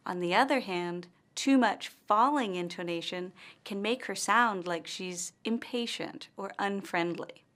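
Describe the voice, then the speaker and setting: Woman pronunciation teacher, scripted lesson narration, slow and instructional. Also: medium pitch, a bit bright.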